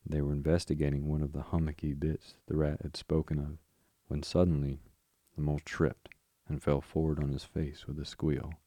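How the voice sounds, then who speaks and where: A man reading a story aloud for sleep, calm and even. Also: very deep voice, moderate pace, no room sound. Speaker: podcast host and reader. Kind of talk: slow bedtime story narration.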